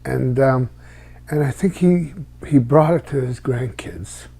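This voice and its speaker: Gravelly man telling a personal story. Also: mid-range voice, dark tone. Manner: halting, reflective, with restarts.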